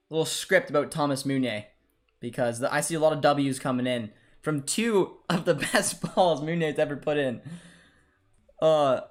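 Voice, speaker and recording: Excitable young man commenting a live match. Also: a little high. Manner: excitable, shouts and laughs at goals, groans at calls. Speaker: streamer hosting a football watchalong.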